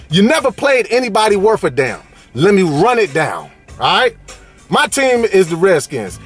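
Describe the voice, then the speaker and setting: This toy collecting vlogger from California has a high, slightly bright voice. He runs a casual toy-hunting vlog full of playful slang and banter, delivered in a sing-song way.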